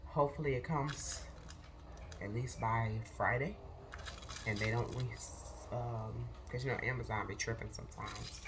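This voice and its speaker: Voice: medium pitch, measured pace, noisy background. A crochet vlogger chatting casually and rambling aloud, out of breath as they talk through their market prep. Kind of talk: casual chat.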